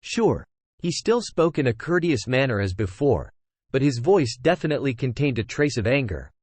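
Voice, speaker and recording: A man narrating a fantasy novel as an audiobook, in a steady storytelling manner. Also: medium pitch, moderate pace, no echo.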